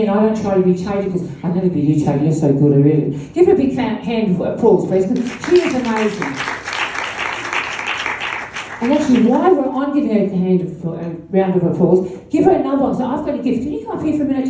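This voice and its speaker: A woman's voice: medium pitch, lively intonation, fast talker, warm tone, a faint crowd. An older woman giving a rambling, chatty speech to an audience at a launch event, laughing between asides. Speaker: guest speaker at a launch event. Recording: echoey room from far off.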